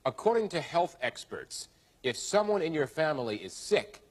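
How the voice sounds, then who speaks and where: A man's voice: a little high, very animated, normal speed, breathy edge. A man hosting a TV game show in a studio, with jokey, upbeat banter. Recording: old TV broadcast with loud studio audience.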